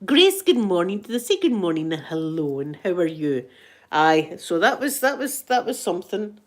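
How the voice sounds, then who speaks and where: A woman's voice: lowish voice, normal speed. Chatty Glaswegian woman telling stories. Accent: Glaswegian Scottish. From Scotland. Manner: animated, swears, acts out both sides of conversations. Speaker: ASMR vlogger. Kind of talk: casual storytelling chat.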